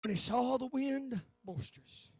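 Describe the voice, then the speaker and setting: A man preaching a fervent sermon in church, swinging from low talk to shouting. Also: measured pace, creaky, husky, dry recording. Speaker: pastor. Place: church sanctuary.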